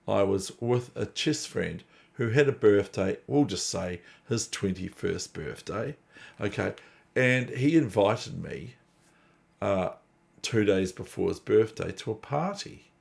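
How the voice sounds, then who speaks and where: Chess host, New man, low gravelly voice, meandering casual chatter. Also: darkish tone. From New Zealand. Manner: digressive, chatty, self-deprecating. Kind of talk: casual rambling commentary.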